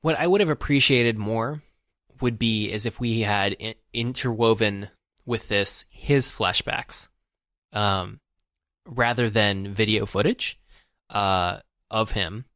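Guy on a podcast, bright forceful voice, lots of ums, dry close sound. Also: fairly low pitch, slow pace, no echo. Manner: hesitant, many fillers and restarts. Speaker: podcast co-host. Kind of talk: casual film discussion.

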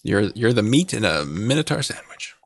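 A man narrating as game master of a tabletop game, playful, describing scenes with deliberate pauses. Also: on the low side, very animated, gravelly, breathy edge, dry recording, studio quality.

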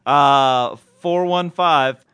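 A man's voice: a little high, drawn-out words, sharp tone, clear, resonant tone. A man co-hosting a podcast in casual chat, playful and jokey, often breaking into laughter. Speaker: podcast co-host.

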